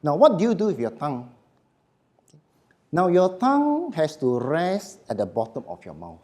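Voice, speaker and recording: A middle-aged man leads a live voice workshop. His warm, mellow voice rises and falls a lot. He speaks in short, emphatic phrases and keeps asking his audience questions. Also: fairly high pitch, wildly swooping pitch, moderate pace. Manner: emphatic, often asks "Okay?" and "Why?", short phrases. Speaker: voice coach giving a workshop. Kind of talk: live seminar lecture.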